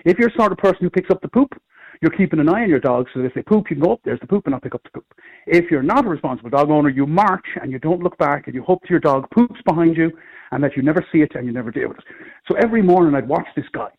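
A middle-aged Irish man, a comedian, telling rambling, animated anecdotes in casual chat. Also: a little high, very fast, husky, narrow, tinny audio. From Ireland. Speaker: comedian guest. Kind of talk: casual storytelling.

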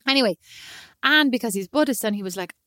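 An Irish woman co-hosting a podcast, telling stories in a casual, animated and self-mocking way. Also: fairly high pitch, fast talker, no room sound, clean studio sound. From Ireland. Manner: animated, self-mocking, quotes people in voices. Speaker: podcast co-host. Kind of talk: casual storytelling chat.

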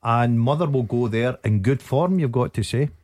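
A man's voice: medium pitch, normal speed, darkish tone, dry recording. A man giving strong football opinions on a radio show. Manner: emphatic, opinionated. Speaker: football pundit. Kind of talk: casual sports radio chat.

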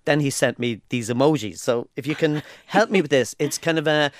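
A man's voice: a little high, a little fast, no room sound, clean studio sound. Jokey man podcast host. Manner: jokey, stumbling, laughs often. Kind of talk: casual chat.

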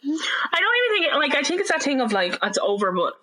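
A woman's voice: high-pitched, very animated, fast, pushed and bright, low-quality recording. A woman co-hosting a podcast, chatting casually over a video call, laughing often and swearing freely. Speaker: podcast co-host. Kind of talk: casual chat. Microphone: laptop on a video call.

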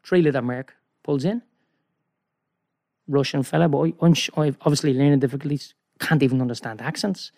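A man with an Irish accent telling a rambling, animated story as a guest, often checking in with "right?". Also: mid-range voice, a little fast, creaky. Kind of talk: casual storytelling.

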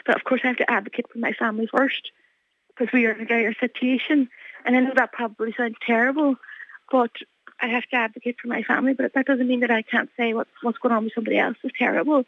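A middle-aged woman with a Donegal Irish accent, speaking earnestly with halting restarts as an interview guest. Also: on the high side, fairly even intonation, dry recording. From Ireland. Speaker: guest, mother. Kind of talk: emotional phone interview. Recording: dry tinny phone line.

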